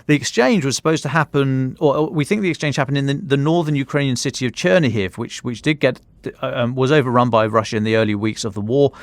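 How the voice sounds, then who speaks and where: A man's voice: medium pitch, fast, hardly any pauses, no echo. A man correspondent giving a conversational news analysis, thinking aloud as he talks.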